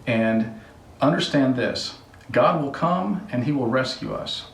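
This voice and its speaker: A man's voice: mid-range voice, expressive, unhurried, gravelly, distant mic, slight background noise. A man voices three brave young believers, solemn and unbending as they refuse a king. The sound is roomy, as if he stands away from the mic. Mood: defiant. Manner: solemn, firm. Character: three defiant young men of faith.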